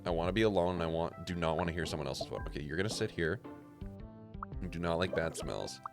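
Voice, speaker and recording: Low-voiced rambling man streamer. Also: quick pace, music in the background. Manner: rambling, joking, swears casually. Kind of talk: casual gameplay commentary.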